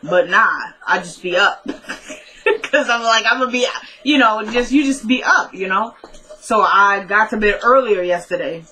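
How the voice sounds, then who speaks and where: A woman's voice: mid-range voice, a little slow, pushed and bright, rough recording. A young woman recapping a TV episode in casual chat, talking straight to her viewers and laughing often. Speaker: TV recap vlogger.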